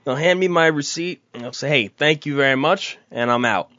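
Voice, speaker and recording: A man argues in a casual podcast, swearing often and mocking his partner. His voice sits a little high. The recording is dry and somewhat dull. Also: a little fast, pushed and bright, no room sound. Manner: profane, heated, mocking. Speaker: podcast co-host. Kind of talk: casual argumentative chat.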